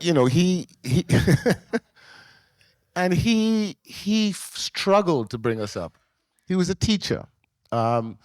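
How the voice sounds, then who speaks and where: A man in his sixties tells his family's story at a live book event, speaking into a microphone. His voice sits in a middle register and sounds dry and close, with no room around it. He is an animated, emotional storyteller who acts out the voices of the people he describes. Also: medium pitch, no room sound. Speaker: memoir author on a festival panel. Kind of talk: personal storytelling at a book talk. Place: live event in a library venue.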